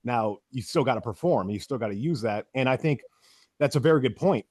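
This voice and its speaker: A man hosting a casual podcast as a strongman coach, talking quickly and energetically. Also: mid-range voice, lively intonation, a little mellow, no room sound, clean studio sound.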